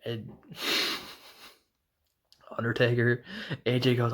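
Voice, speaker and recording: A man giving a casual, excited recap as a wrestling reviewer, rambling with lots of restarts and fillers. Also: mid-range voice. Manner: rambling, fast retelling full of "like" and restarts.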